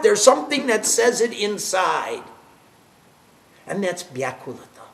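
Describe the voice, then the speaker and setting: Guy teaching a spiritual class, really high voice, slow and drawn out, swings up and down a lot, laughs through his stories. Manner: animated and emphatic, laughing as he tells stories. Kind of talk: devotional class lecture with storytelling.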